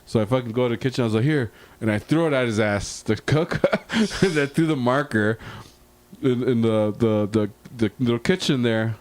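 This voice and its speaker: A man co-hosting a podcast, telling a long, rambling bar story full of swearing in a casual, animated way. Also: mid-range voice, normal speed. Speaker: podcast co-host.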